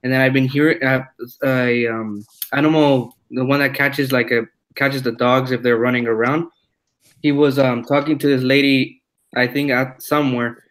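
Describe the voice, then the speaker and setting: A man chatting casually as a podcast guest. His pitch is middling, and his speech is halting and full of filler words. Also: fairly even intonation. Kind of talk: casual chat.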